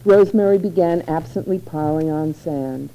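A woman reads literary fiction aloud in a measured, unhurried way. Her voice is dark and mellow, sitting a little low. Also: highs cut off. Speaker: narrator.

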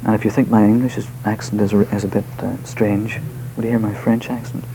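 A man giving a live poetry reading to an audience, delivering verse in a measured, unhurried way with hesitant spoken asides between poems. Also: lowish voice, flat delivery, background noise. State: voice slightly off tonight.

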